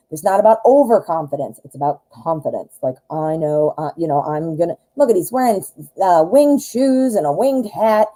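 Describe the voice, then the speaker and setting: Female tarot reader on a live stream, mellow voice, enthusiastic and chatty. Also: mid-range voice, rough recording. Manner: chatty and enthusiastic, talks straight to the viewer.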